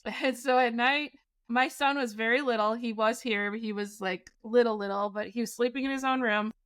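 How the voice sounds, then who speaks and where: A woman in her forties, a podcast co-host, telling a scary personal story in a casual, animated way, often laughing. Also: a little high, normal speed.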